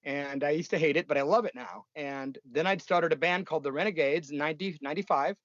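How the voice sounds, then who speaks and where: This man in his fifties talks in a blunt, profane, rambling way, full of fillers and restarts. His voice sits a bit high for a man. The sound is dry and dull, like lo-fi remote audio. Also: fast, a bit bright, no room sound. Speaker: punk musician guest. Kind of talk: casual interview storytelling.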